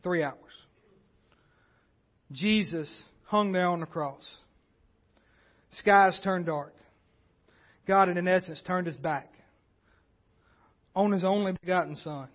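High-voiced preacher, muffled livestream. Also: male voice, takes it slowly, pauses often. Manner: earnest preaching, rising intensity on key points. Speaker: pastor. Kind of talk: sermon. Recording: dull lo-fi livestream audio.

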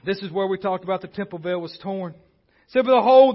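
A high-pitched male pastor delivers an earnest sermon. His voice climbs in force when he drives a point home. The sound is dull and lo-fi, like a church livestream. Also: fairly quick. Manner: earnest preaching, rising intensity on key points.

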